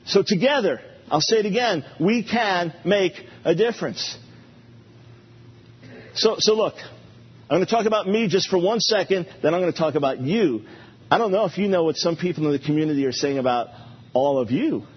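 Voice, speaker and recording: A man preaching a sermon as a pastor, animated and playful, repeating phrases for emphasis. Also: fairly high pitch, breathy edge. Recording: dull lo-fi recording.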